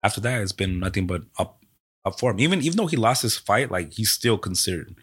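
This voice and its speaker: This voice is fairly low, husky, and fast, belonging to a Muay Thai gym owner who trains fighters. Chatting loosely on a podcast, he spins lively tales full of cursing and plays out quoted back-and-forths himself.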